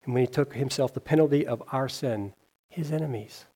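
A man preaching a sermon, reading scripture aloud and asking his listeners questions. He talks earnestly, lifting his voice on key phrases and letting it fall soft at the ends of lines. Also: fairly quick. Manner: earnest, rising on scripture and dropping low at line ends; reads scripture aloud, with small slips and restarts.

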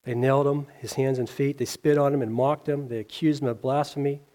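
A man preaching a sermon in a mellow, warm voice of middle pitch. He speaks earnestly, reads scripture aloud and poses questions to his listeners. He rises on key words and drops quiet at the ends of phrases. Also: fairly even intonation, fairly quick. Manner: earnest, rising on scripture and dropping low at line ends; reads scripture aloud, with small slips and restarts.

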